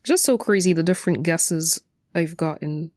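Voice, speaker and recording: Mellow-voiced curious woman host. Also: deep voice, moderate pace, no room sound, clean studio sound. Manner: curious, agreeable, laughs easily. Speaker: podcast host. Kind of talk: casual interview chat.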